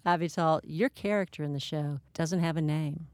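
A woman's voice: sits low, normal speed, darkish tone, no echo. A woman hosting a podcast, reading intros and asking interview questions in a friendly, conversational way. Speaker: podcast host.

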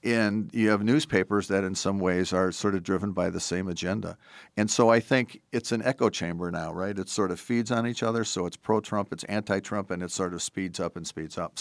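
An older American man, a podcast host and former congressman, talking politics in an animated, emphatic way. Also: lowish voice, no room sound, studio quality. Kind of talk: political interview talk.

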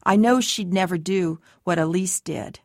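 A woman's voice: lowish voice, measured pace, no echo, clean studio sound. A woman reading a first-person novel aloud, giving the dialogue light character shading. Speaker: audiobook narrator.

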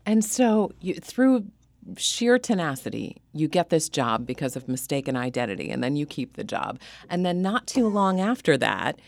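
A woman's voice: low voice, very animated, moderate pace, creaky, a little mellow, no room sound. A woman hosting an interview, summing up the guest's story and asking questions. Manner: leading, summarizing questions. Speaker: interview host.

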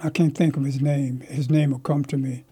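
An older man, a community elder, telling stories from his life in an animated, emphatic way as an interview guest. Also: mid-range voice, normal speed, breathy edge. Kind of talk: storytelling in conversation.

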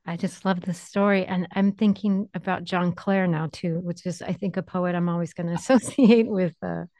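A woman's voice: on the low side, steady tone, normal speed, warm tone, no echo. A woman interviewer, enthusiastic, who laughs along with her guest. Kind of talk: conversational interview.

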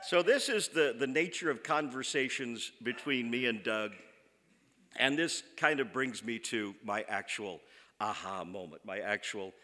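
A man telling a funny personal story on stage, self-mocking and animated. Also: medium pitch, a little slow, big-room sound, a little hiss or hum. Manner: animated, self-mocking, acts out quoted voices. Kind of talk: comic live storytelling.

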